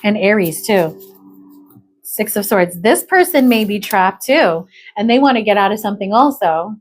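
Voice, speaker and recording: Her mid-range voice has lively intonation and a moderate pace as she explains tarot cards one by one in an easy, chatty manner. She seems slightly ill, yet breaks in with exclamations and keeps asking "okay?"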